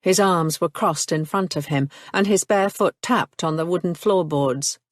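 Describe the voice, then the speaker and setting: Slow, low-voiced woman narrator. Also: no echo, studio quality. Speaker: audiobook narrator. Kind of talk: scripted narration.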